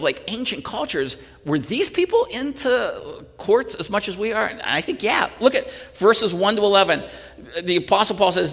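A man delivers a sermon in an animated, storytelling way, often chuckling and restarting his sentences. His voice sits fairly high, bright and gravelly. It rings out with the long reverb of a hall. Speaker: pastor.

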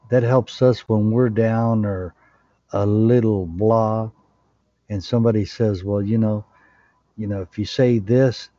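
A man sharing earnest testimony and prayer on a group call, fervent and excitable. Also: on the low side, dry recording. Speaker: call participant. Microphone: online group call. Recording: dull lo-fi call audio.

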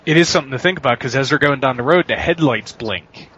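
A man's voice: mid-range voice, fast talker, fairly bright tone, husky, lo-fi sound. A man co-hosting a casual movie commentary podcast, rambling and laughing as he trails off mid-thought. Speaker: podcast co-host.

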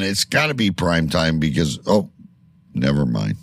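A man's voice: a bass voice, big pitch swings, unhurried, no room sound. A male radio show host in casual banter, rambling and joking between segments.

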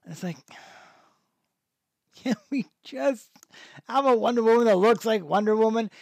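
Rambling chatty podcast host, dry sound. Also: male voice, high voice, unhurried, creaky, darkish tone, no room sound. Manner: rambling, many fillers and restarts, chuckling asides. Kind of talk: casual review chat.

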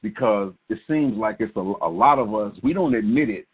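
A man's voice: fairly low pitch, animated, normal speed, husky. A middle-aged man co-hosting a call-in poetry show, talking in a laid-back, encouraging, slangy way. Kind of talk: casual call-in radio chat. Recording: phone-line call-in audio.

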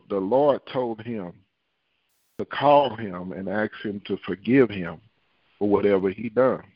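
A man's voice: lowish voice, no echo, highs cut off. A man preaching and praying fervently, repeating phrases, on a call line. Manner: fervent, repetitive prayer with tongues. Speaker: prophet and preacher. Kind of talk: prayer and sermon on a phone line.

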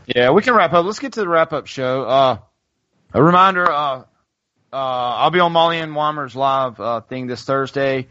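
A man hosting a podcast in casual chat, rambling with plenty of fillers. His voice is bright and forward, recorded dry and close with no room sound. The audio is dull and lo-fi. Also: mid-range voice, normal speed, dry recording. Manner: rambling, with many restarts and fillers. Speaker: podcast host.

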